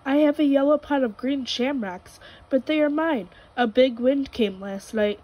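A polite, easygoing goat who will eat anything, played by a woman reading a children's book. He talks in a courteous, matter-of-fact way, a little high in pitch. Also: a little slow, muffled recording.

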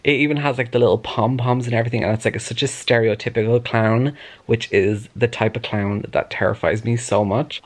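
A man chatting in a casual reading vlog, gushing and animated, with lots of "like" fillers, recorded on a camera at home. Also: medium pitch. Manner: gushing and animated, heavy use of "like". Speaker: book vlogger. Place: room at home, lights off at times.

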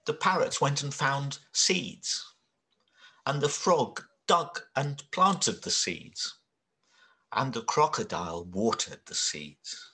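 Expressive male storyteller, slow and bright. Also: medium pitch. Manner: expressive, dramatic, shifts between whispers and cries. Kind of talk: children's story reading.

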